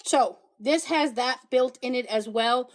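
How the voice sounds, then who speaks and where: High-voiced chatty woman selling live. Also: unhurried. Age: middle-aged. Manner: chatty, repeats herself, jokey hard sell. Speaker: TikTok live seller. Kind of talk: casual live-stream product demo.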